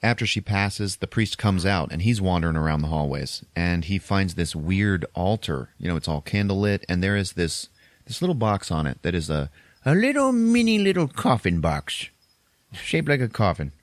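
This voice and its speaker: A man hosting a podcast and recapping a horror film in a casual way, animated and laughing often. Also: low voice, normal speed, no echo. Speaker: podcast host.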